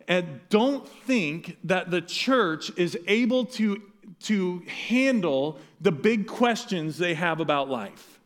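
A pastor preaching an animated sermon, acting out the lines of the people in the story. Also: male voice, high-pitched, in a large hall. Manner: animated, acts out quoted dialogue.

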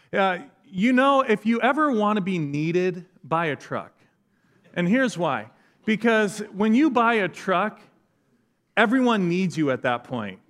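Male pastor, pretty high voice, chatty funny storytelling sermon in church. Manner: conversational, self-deprecating humor, animated storytelling. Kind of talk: sermon with personal stories.

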